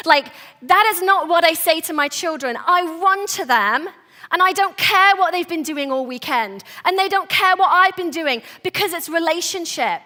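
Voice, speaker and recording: A woman's voice: very high voice, lively intonation, normal speed, bright, forceful tone. A woman in her thirties preaching a sermon at a church service in an earnest, emphatic, conversational way.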